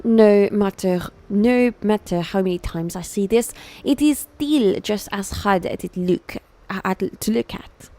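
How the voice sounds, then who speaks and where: A woman's voice: high-pitched, sing-song, voice pushed up. Hugo, a woman doing a weary British detective. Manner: put-on British accent, slow and subdued. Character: tired weary male detective, thirty.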